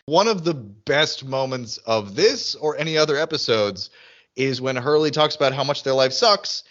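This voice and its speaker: A man co-hosting a podcast in casual chat, animated and often mimicking characters in high excited voices. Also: moderate pace, highs cut off. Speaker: podcast co-host.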